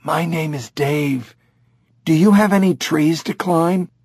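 A man voicing a gentle, childlike male chimpanzee who talks slowly and simply, with broken grammar. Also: fairly high pitch, slightly rough, dry recording, clean studio sound, voice pushed up. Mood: curious.

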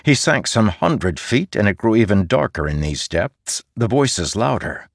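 This deep-voiced male narrator reads scripted fantasy in a steady, measured way. The recording is dry and studio-clean.

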